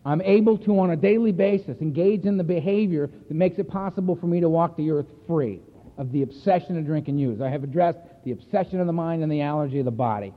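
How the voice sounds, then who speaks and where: A man's voice: a little high, fast. A man giving a personal recovery talk to a meeting, telling his story bluntly and with emphasis. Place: meeting hall. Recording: echoey hall over a tinny phone-like line.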